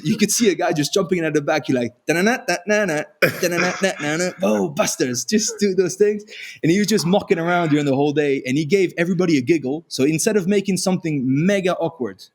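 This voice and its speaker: A man with a French accent, a former rugby player and podcast guest, telling self-deprecating stories in animated casual chat. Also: on the high side, rapid-fire. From France. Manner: self-deprecating, animated storyteller with frequent restarts.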